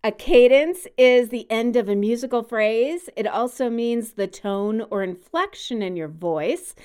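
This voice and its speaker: Speaking at a measured pace with hardly any pauses, the woman has a high-leaning voice whose tone is darkish, clear and resonant. She co-hosts a laid-back podcast, explaining patiently like a music teacher and singing out her examples.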